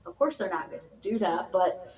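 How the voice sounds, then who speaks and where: A woman's voice: on the low side, expressive, a little fast, a little mellow. Chatty woman guest in an echoey room. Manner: casual, chatty, laughs often. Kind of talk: live chat.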